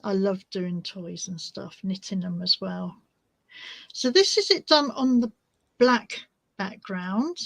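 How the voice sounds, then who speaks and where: Chatty woman crafter, slow-talking. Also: mid-range voice, vocal fry, a bit bright, no room sound, low-quality recording. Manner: chatty, easily distracted, scolds her cat. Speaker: crafting channel host. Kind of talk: casual chat while crafting.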